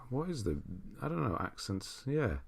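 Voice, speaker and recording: A man's voice: medium pitch, sing-song, unhurried, vocal fry, a little hiss or hum. A young British man hosting a casual livestream, chatting loosely, reading out viewer comments and laughing often. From Britain. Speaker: livestream host.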